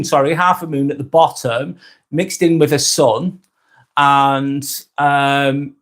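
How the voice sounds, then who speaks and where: A man from Blackburn, Lancashire, in northwest England, hosts a live stream with a Lancashire accent in a voice on the high side and a bit bright. His casual monologue is rambling and reflective, and he often restarts and corrects himself.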